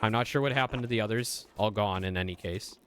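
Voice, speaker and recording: A man reading a kindly older former monk in a game, in a lowered, measured voice. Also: fairly bright tone, slight background noise, natural voice. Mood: somber.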